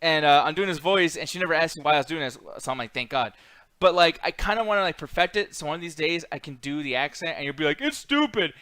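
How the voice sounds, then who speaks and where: A man co-hosting a casual chat show, loud and swearing, often breaking into laughter. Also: a little high, fast, clean tone. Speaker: co-host.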